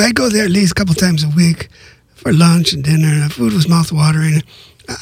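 A man's voice: a little high, vocal fry, slightly rough, dry recording. An older man from Southern California reading his own memoir aloud, conversational with casual asides.

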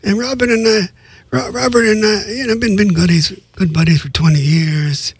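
A man's voice: high-pitched, fairly even intonation, moderate pace, breathy edge. An older man from Southern California reading his own memoir aloud, conversational with casual asides.

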